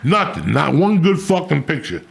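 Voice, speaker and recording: A man's voice: a little high, normal speed. A middle-aged man hosting a podcast, telling crude, rambling stories full of swearing. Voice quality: gravelly. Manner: profane, rambling, animated. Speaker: podcast host. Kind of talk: crude casual storytelling.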